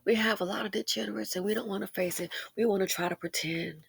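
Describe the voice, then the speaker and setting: A woman's voice: medium pitch, fairly even intonation, quick pace, vocal fry, slightly rough, dry recording. Impassioned woman commentator, dry sound. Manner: impassioned, swings between loud emphasis and hushed asides. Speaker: commentary channel host. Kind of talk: emphatic social commentary.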